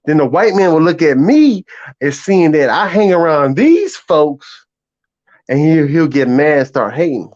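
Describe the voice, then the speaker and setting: A man with a Southern American accent calls in to a live stream panel, talking boastfully and profanely and laughing often. His voice is on the high side and a little mellow, with lively intonation at a measured pace, in lo-fi sound.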